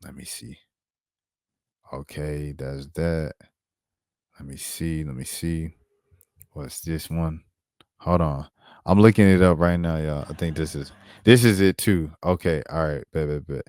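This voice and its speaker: A man giving a casual basketball recap on his vlog, animated and slangy, talking while he pulls up clips. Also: very deep voice, unhurried, long pauses, no room sound, studio quality. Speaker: basketball commentator and vlogger.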